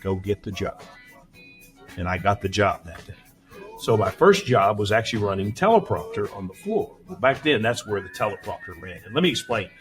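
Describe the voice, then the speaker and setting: A man's voice: on the low side, big pitch swings, brisk, soft background music. A man in his sixties from West Texas, a veteran news anchor telling stories from his career in a casual interview, in neutral broadcaster diction.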